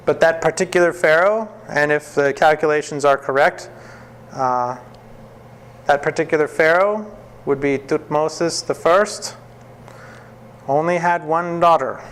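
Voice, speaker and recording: A man teaching a classroom Bible lesson, telling the story in a lively way, acting out the quotes and often laughing. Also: fairly high pitch, slight background noise.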